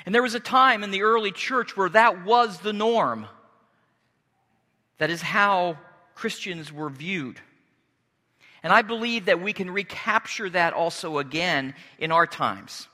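A man preaching a sermon as pastor, earnest and deliberate, pausing and restarting as he speaks. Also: high-pitched, bright, forceful tone, in a large hall.

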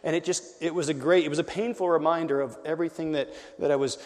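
A man preaching a conversational sermon as a pastor, swinging between loud emphasis and quiet, intimate lines. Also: a little high, steady tone, fast talker, in a large hall.

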